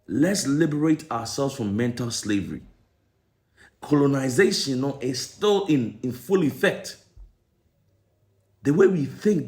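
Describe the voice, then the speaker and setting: A man's voice: mid-range voice, a little mellow. A man with a Ghanaian accent tinged with American, delivering an opinionated commentary full of rhetorical questions. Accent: Ghanaian English with some American. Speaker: entertainment commentator. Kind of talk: opinionated monologue.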